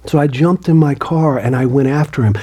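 A man tells a personal story to an audience in an earnest way. His voice is very breathy and husky, with a mellow, warm tone. He often sinks into a hushed near-whisper. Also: mid-range voice, brisk. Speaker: motivational speaker and author.

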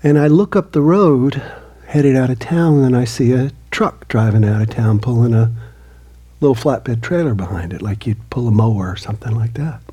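A male motivational speaker and author earnestly tells an audience a personal story at normal speed. His mid-range voice is very breathy and husky, warm and mellow, and often drops into a hushed near-whisper.

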